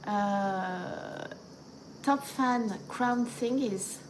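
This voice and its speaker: A middle-aged Frenchwoman with a French accent hosts a casual livestream, talking very slowly in a mid-range voice over background noise. She chats with viewers and drops in French and Japanese words.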